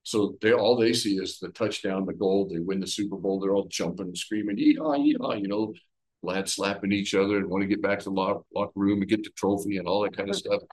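A man leading a conversational Bible study, retelling the story with lively everyday comparisons. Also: sits low, a little fast, poor audio. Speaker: Bible teacher.

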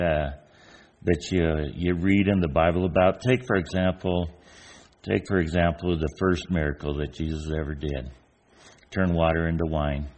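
A man's voice: deep voice, darkish tone. An older man giving an informal, folksy sermon, telling stories and acting out the voices of people in them. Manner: folksy storyteller, acts out imagined voices. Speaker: preacher.

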